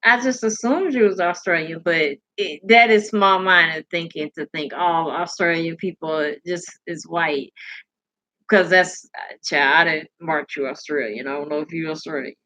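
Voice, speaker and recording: A woman's voice: low-pitched, normal speed, bright, forceful tone. A sleepy woman hosting a casual live stream, rambling, laughing and answering comments from her chat.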